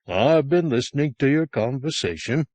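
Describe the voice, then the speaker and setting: A man's voice: medium pitch, lively intonation, moderate pace, darkish tone, no echo, pitched above the performer's own voice, natural voice. A man reading an audiobook, voicing a good-humored police constable who sounds amused. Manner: cheerful, amused.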